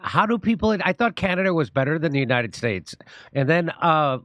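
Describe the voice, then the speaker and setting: A man's voice: a little high, sing-song, a little fast, fairly bright tone, no echo. Stammering man asking questions. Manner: asks questions, stammers and repeats words. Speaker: podcast host, comedian. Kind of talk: casual podcast chat.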